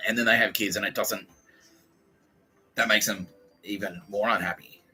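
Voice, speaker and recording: A man's voice: fairly low pitch, steady tone, moderate pace, pauses often, pushed and bright, poor audio. A man hosting a podcast, ranting in a sweary, rambling monologue. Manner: sweary, ranting, quotes people in put-on voices. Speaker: podcast host.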